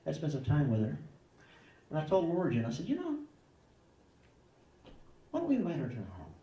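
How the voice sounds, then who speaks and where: Animated man giving parenting advice. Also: a little high, quick pace, echoey room, recorded from a distance, highs cut off. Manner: animated, acts out little dialogues in changing voices. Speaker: parenting speaker answering questions. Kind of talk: conversational advice talk.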